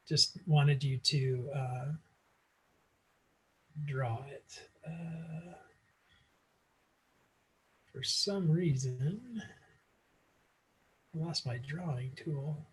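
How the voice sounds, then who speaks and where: A man's voice: a little high, extremely slow, long pauses, fairly bright tone. A man teaching math in a casual online lecture, working through problems aloud with frequent fillers, recorded on a computer mic. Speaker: math instructor.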